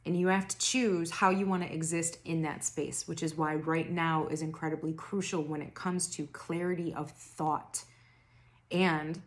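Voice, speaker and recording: A young woman doing a casual spiritual reading to camera, rambling and self-interrupting, her throat raspy and tired. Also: deep voice, steady tone, moderate pace. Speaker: tarot reader.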